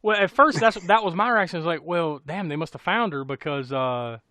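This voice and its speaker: A man's voice: a little high, lively intonation, brisk, bright, forceful tone, dry recording. An American man casually recapping a horror film on a podcast, rambling and laughing, with a profane storytelling manner. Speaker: podcast co-host.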